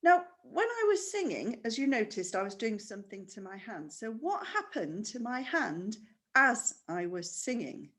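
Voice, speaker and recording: A woman's voice: fairly high pitch, sing-song, moderate pace, a bit bright. A woman teaching a primary school music lesson online, patient and explaining step by step with questions.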